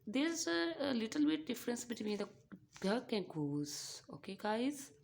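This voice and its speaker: A woman's voice: a little high, sing-song, a little slow, creaky, darkish tone. A woman hosting a toy unboxing for children, explaining farm animals in simple, broken English and imitating their sounds.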